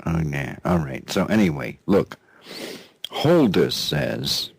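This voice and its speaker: A man's voice: extremely low pitch, lively intonation, slow, vocal fry, breathy edge, no room sound. A man hosting a live talk radio show, delivering sarcastic news commentary with frequent mocking laughs and repeated phrases. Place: radio studio.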